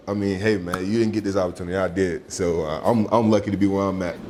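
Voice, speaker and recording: A young man, a high school football recruit, talking casually in an interview, laid-back and quick to laugh. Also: faint music behind. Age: young adult. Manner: relaxed, laughs easily, drawling slang.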